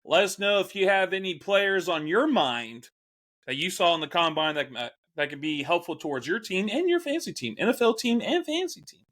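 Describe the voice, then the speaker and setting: A man co-hosting a fantasy football show, laid-back and quick to laugh. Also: high-pitched, lively intonation, a bit bright. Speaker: podcast co-host. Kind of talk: casual sports chat.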